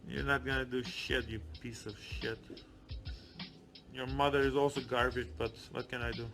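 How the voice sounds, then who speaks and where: A man's voice: mid-range voice, little pitch movement, normal speed, creaky, music in the background, close to an everyday voice. A man doing a crude trash-talking fighter. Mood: taunting. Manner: crude, insulting, broken phrasing. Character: brash trash-talking male fighter mocking online critics.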